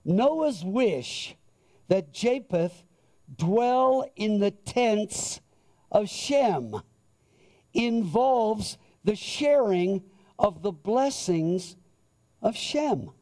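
Slow, high-voiced male preacher. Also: animated, darkish tone. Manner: slow, deliberate scripture reading. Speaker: pastor. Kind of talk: sermon.

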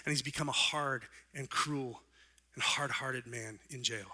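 Pastor type, male, mid-pitched and very bright, delivering an earnest sermon with swelling and hushed passages. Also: steady tone. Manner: earnest preaching, voice swelling up then dropping soft, with slow emphatic phrases.

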